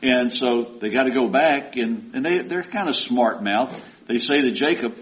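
A man preaches to his congregation, retelling a story in a loose, folksy, conversational way. His voice sits at an ordinary middle pitch. The recording is dull and lo-fi. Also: normal speed, a bit bright. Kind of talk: sermon.

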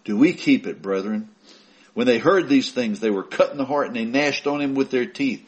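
A man preaching a sermon, emphatic, swinging from loud raised stresses to quiet asides, reading scripture in slow weighty bursts. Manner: emphatic, rising to stress key words and dropping low for asides.

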